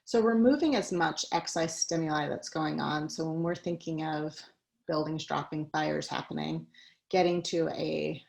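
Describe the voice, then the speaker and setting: A woman's voice: low voice, normal speed, gravelly, darkish tone, low-quality recording. A woman giving a conversational talk on a video call, mixing personal stories with practical advice and light laughs. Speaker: guest speaker.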